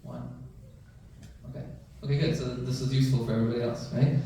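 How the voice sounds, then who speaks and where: Dark-voiced man in an echoey hall. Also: medium pitch, fairly even intonation, quick pace, far from the mic. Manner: conversational, often asks "right?" and "you know". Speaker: physician speaking at a mosque. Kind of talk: community talk to a mosque audience. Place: large mosque prayer hall.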